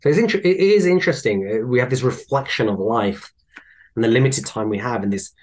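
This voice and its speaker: A man, chatting casually and telling animated anecdotes. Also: medium pitch, fairly quick. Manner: animated storyteller, acts out voices in anecdotes. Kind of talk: casual conversation.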